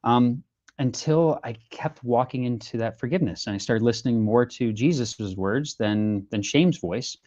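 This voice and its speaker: A man's voice: mid-range voice, moderate pace, a little mellow, muffled recording. A man, a singer-songwriter guest in a casual interview, telling his story earnestly with lots of fillers and restarts.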